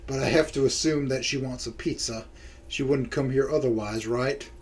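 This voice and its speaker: A man's voice: medium pitch, normal speed. Crude, laughing let's-play reader, man. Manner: crude, self-mocking, laughs often. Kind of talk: reading a visual novel aloud with commentary.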